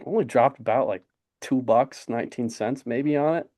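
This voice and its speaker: A young man in his twenties co-hosting a casual sports podcast, excited and rambling with lots of fillers. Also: mid-range voice, normal speed, no echo, clean studio sound. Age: 20s. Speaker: podcast co-host. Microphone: desk podcast mic.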